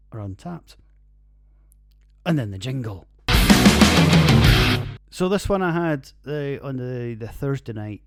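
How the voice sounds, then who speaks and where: Mid-range and darkish, with no echo, the voice comes through a computer recording. It's a Scottish podcast host in his forties, casually rambling and cursing through beer reviews and chuckling at his own jokes.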